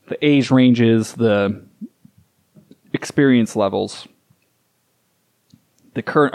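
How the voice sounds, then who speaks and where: Low-voiced man rambling with restarts. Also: a little mellow, no echo. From Southwest United States. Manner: rambling, swears often, many restarts. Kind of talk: casual chat.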